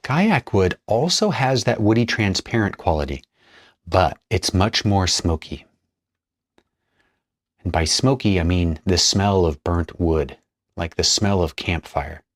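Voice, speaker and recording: Man, very low voice, relaxed tutorial narrator thinking aloud, dry close sound. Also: a little slow, dry recording. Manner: thinks aloud while working, chatty asides. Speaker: perfumer demonstrating a blend. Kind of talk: casual hands-on tutorial narration.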